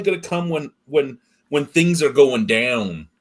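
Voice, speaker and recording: A man hosting a casual podcast chat, telling animated stories and swearing freely. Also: mid-range voice, normal speed. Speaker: podcast host. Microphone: streaming call setup.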